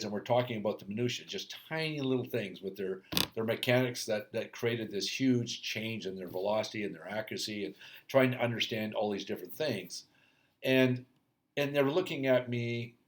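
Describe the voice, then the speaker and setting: A middle-aged man and hockey coach, talking through a casual reflective rant, rambling with many restarts. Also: fairly low pitch.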